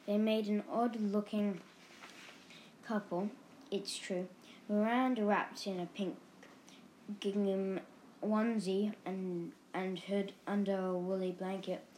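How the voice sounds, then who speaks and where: A woman narrating a children's storybook with a lively, expressive delivery. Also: mid-range voice, slight background noise, poor audio. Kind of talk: storybook reading.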